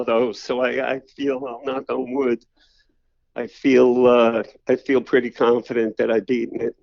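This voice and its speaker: An older man, a podcast guest telling personal stories in a loose, rambling way full of "you know" fillers. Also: medium pitch. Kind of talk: casual storytelling interview. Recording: slightly dull lo-fi audio.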